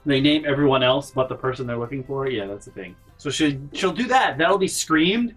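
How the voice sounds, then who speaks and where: A man hosting a gaming channel, telling a rambling, exasperated story and swearing freely, jumping into loud mock yells. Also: mid-range voice, expressive, fairly quick, breathy edge, soft background music. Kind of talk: storytime over gameplay.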